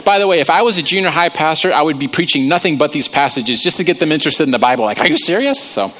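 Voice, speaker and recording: Male pastor, fairly high voice, jokey self-deprecating sermon delivery. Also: expressive, quick pace, hardly any pauses, a bit bright. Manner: joking, conversational, self-deprecating. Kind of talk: humorous sermon.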